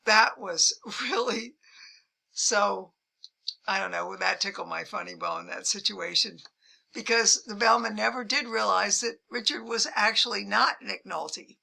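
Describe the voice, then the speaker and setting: Slow, gravelly older woman telling stories. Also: bright, forceful tone. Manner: measured, amused, voices quoted people with lifted pitch. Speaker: travel vlogger. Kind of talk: storytelling anecdotes to camera.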